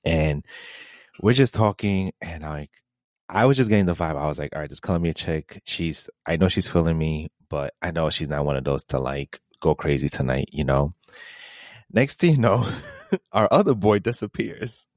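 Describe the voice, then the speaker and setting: A man's voice: rumbling low, animated, moderate pace, a little mellow, dry recording. A man co-hosting a podcast, telling a story in casual chat, laid-back, laughing often and quoting his friends. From New York City. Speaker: podcast co-host.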